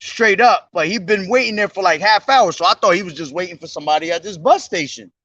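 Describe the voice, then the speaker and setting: A young man preaching outdoors at a bus station, slowly declaiming scripture, then talking in slangy, profane street speech into a camera he holds himself. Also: high-pitched, bright, forceful tone, no room sound, lo-fi sound. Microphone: self-held camera.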